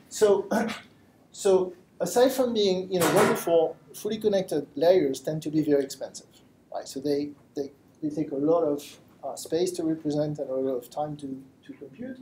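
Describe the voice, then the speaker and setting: A man's voice: a little high, normal speed, warm tone, a little hiss or hum, low-quality recording. A man with a French accent giving a live lecture to a study group, self-deprecating and explaining with simple examples. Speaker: guest lecturer. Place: room with a live audience.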